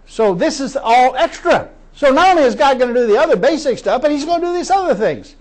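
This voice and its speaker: A man's voice: very high voice, animated, fairly quick, a little mellow. A middle-aged man preaching as a pastor, telling stories of faith earnestly and repeating words as he builds up. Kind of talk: storytelling sermon.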